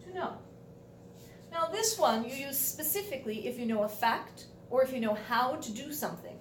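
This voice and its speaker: A woman's voice: high voice, animated, normal speed, a little hiss or hum. A woman teaching a Spanish grammar lesson on video, explaining patiently step by step with wry asides. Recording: echoey room, voice from a distance.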